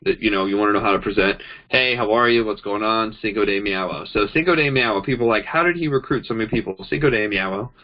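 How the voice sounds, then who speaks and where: A man's voice: lowish voice, quick pace, few pauses. Guy telling marketing stories, plays out the back-and-forth, kinda muffled sound. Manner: chatty, animated storytelling, acts out quoted dialogue. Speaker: network marketing trainer. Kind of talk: casual training talk. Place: indoors, demonstrating on a phone.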